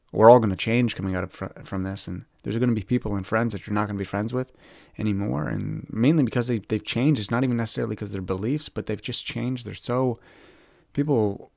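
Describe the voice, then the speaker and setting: Young guy from canada rambling on his own podcast, kinda low voice, dry close sound, stumbles and repeats himself. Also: vocal fry, darkish tone, no room sound. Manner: rambling, candid, repeats words when searching. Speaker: podcast host.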